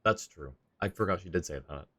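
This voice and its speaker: A tired man casually commenting on a video game as he plays, laid-back and thinking out loud, with chuckling asides. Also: low-pitched, brisk. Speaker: streamer.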